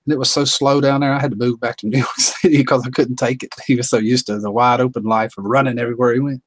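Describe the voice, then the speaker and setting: Southern guy from north carolina, folksy live stream chat, drawls along reading comments, kinda husky, dry sound. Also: mid-range voice, fairly even intonation, fast, no room sound, low-quality recording. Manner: folksy, drawling, reads viewer comments aloud.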